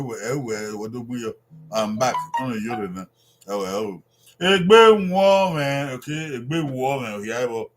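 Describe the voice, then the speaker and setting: A man giving an informal language lesson, repeating phrases slowly for his listeners to follow. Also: medium pitch, a bit bright. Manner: repeats phrases slowly, drawn-out call-and-response. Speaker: Edo language teacher.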